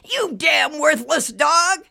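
A woman voicing a cranky older man in a wheelchair who yells and curses, in a storybook reading. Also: sits high, animated, slow, gravelly, pitched above the performer's own voice, heavily acted. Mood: yelling. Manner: yelling, cursing.

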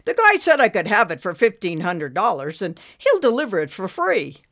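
A woman's voice: mid-range voice, sing-song, measured pace, vocal fry, fairly bright tone, exaggerated voice. A woman doing a chirpy, eager husband. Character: man in wheelchair, cheerful car-junk collector.

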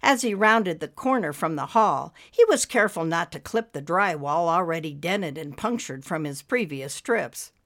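A woman narrating an audiobook story in a steady, expressive storytelling manner. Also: lowish voice, moderate pace, hardly any pauses.

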